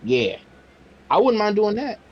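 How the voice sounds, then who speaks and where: A man's voice: high-pitched, sing-song, measured pace, breathy edge. A man playing a tabletop game who talks casually and hesitantly, with a lot of filler words. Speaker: player. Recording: dull, lo-fi mic.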